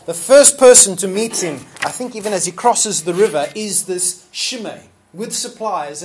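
A preacher giving a sermon in a relaxed, conversational way with fillers, now and then acting out the people quoted. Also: medium pitch.

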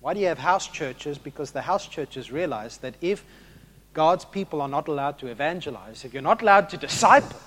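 Animated high-voiced male preacher. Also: fairly quick. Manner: animated, swinging from loud exhortation to hushed emphasis. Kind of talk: sermon.

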